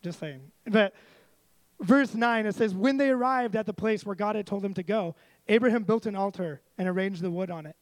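A man's voice: high voice, moderate pace, no echo, low-quality recording. A man preaching a casual sermon, telling a Bible story and joking as he acts out the voices.

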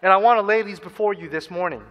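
Bright-voiced preacher man in a hall. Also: sits high, fast talker. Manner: earnest preaching, acts out inner voices, repeats for emphasis. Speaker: pastor. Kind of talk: sermon.

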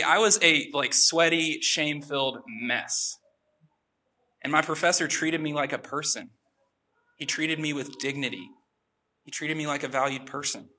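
A man's voice: on the high side, pushed and bright. A young adult man preaching a casual sermon, telling a personal story with many fillers and asides. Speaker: pastor.

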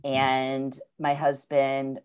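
A woman's voice: a bass voice, completely flat delivery, extremely slow, darkish tone, clean tone. A woman in her forties in a casual podcast conversation, rambling with lots of likes and restarts. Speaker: podcast host.

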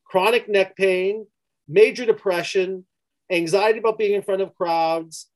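High-voiced man telling an emphatic story. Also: steady tone, measured pace, darkish tone, rough recording. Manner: emphatic, repeats key words. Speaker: therapist. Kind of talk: storytelling in conversation.

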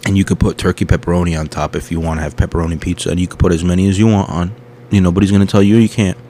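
A man's voice: sits low, steady tone, rapid-fire, mellow, slight background noise. A man hosting a comedy podcast, rambling through a crude, self-mocking monologue full of tangents. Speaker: podcast host.

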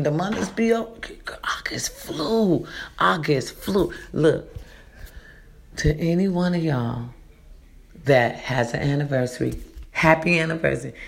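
A woman's voice: low voice, vocal fry. A woman vlogger talking casually in an echoey borrowed room, giving chatty, preachy life advice and calling her listeners baby and y'all. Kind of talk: casual motivational monologue.

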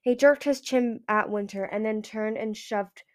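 A woman narrates a novel aloud in a plain, steady reading voice that sits a bit high. She now and then stumbles and corrects herself. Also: measured pace. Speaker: audiobook reader.

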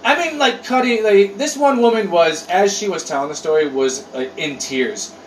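A man chatting casually on a podcast. He tells rambling stories with lots of swearing and animated outbursts. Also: high voice, normal speed. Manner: animated, profane, rambling storyteller. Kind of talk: casual chat. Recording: roomy echo, distant mic, faint noise.

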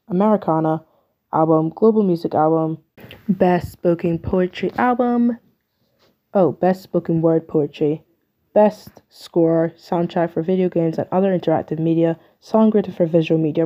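Chatty woman with a gravelly low voice. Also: lo-fi sound. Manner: chatty, opinionated, filler-heavy with "like". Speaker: podcast host. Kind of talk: casual solo podcast chat.

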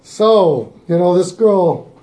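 A man's voice: sits high, animated, takes it slowly, warm tone, echoey room. A young man co-hosting a podcast, telling a story in a laid-back casual way and chuckling often. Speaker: podcast co-host. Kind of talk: casual chat.

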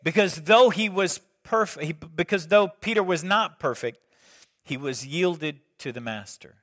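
A middle-aged pastor delivers a sermon like a storyteller. His voice sits high and ringing bright, and he swings from loud emphasis to near-hushed moments. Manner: storytelling preacher, dramatic shifts between loud and hushed.

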